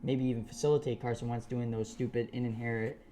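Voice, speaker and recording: A man's voice: mid-range voice, level tone, fast, dark tone. Profane joking man in sports banter. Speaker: podcast co-host. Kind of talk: casual sports chat. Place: studio.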